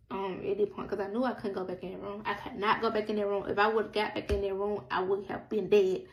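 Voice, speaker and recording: Gravelly woman telling a story. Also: medium pitch, a little fast, few pauses, slight background noise, low-quality recording. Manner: animated, quotes others, repeats herself. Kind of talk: casual storytime monologue.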